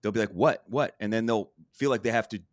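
A man's voice: on the low side, little pitch movement, fast talker, no room sound, studio quality. A man co-hosting a podcast, talking in a rambling, candid way and swearing casually. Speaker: podcast co-host. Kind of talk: casual chat.

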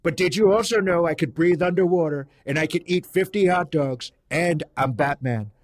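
A man's voice: fairly high pitch, normal speed, faint music behind, voice pushed up, lightly acted. A man doing an impression of a boastful male politician, bragging and blustering.

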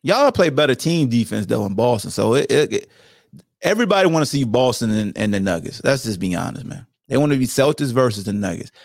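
A podcast host trash-talks in a loose, playful voice. His pitch swings up and down all the time. The sound is close and dry, with no room around it. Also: animated, fairly quick, creaky, dry recording. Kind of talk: casual sports talk.

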